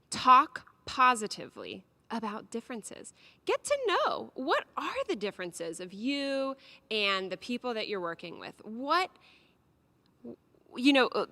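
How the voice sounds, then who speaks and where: A woman, a startup co-founder, giving a lively conversational conference talk in a large historic hall, acting out quoted voices as she goes. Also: mid-range voice.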